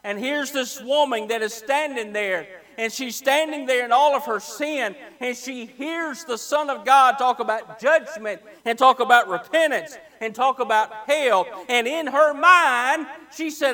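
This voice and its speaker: A Baptist preacher, a man, delivering a sermon with dramatic storytelling, acting out the people in his story and swinging between loud and soft. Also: very high voice, measured pace, hardly any pauses.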